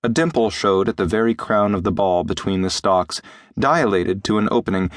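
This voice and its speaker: A man narrating a science fiction audiobook in a steady, measured way. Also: on the low side, dry recording, clean studio sound. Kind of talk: scripted narration. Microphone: close studio mic.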